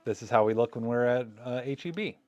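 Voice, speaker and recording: A man's voice: medium pitch, quick pace, darkish tone, no room sound, dull audio. A man chatting casually and joking as he looks through his film scans live, recorded close and dry. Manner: chatty, joking, thinking aloud. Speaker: photography vlogger. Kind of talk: casual live commentary while scanning film.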